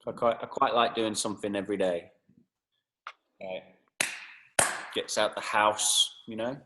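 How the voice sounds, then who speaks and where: A man's voice: lowish voice, fairly even intonation, unhurried, noisy background. Joking English man on a video call. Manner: jokey, teasing, chatty. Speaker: fitness coach and host. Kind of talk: casual video call chat.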